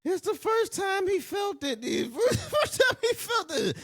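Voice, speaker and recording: A man hosting a film reaction video, talking over the scenes, swearing freely and bursting into loud laughter. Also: very high voice, very animated, unhurried, dry recording, studio quality. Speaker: channel host.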